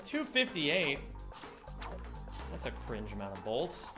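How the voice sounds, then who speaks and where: A man's voice: mid-range voice, wildly swooping pitch, slow. A young man streaming a speedrun, chatting casually and joking with a rambling, giggly manner. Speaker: game streamer. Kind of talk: casual chat while speedrunning a game. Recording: game music behind.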